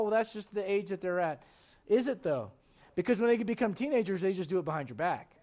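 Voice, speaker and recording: A man preaching a sermon in church, animated and digressive, with frequent asides to the congregation. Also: sits high. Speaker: pastor. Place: church sanctuary.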